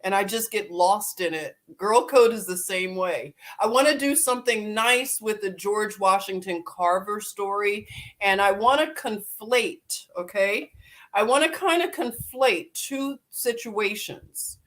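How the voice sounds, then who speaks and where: With a medium-pitched, fairly bright voice and a measured pace, a Philadelphia woman hosts a casual livestream. She chats easily, greeting viewers by name and laughing often.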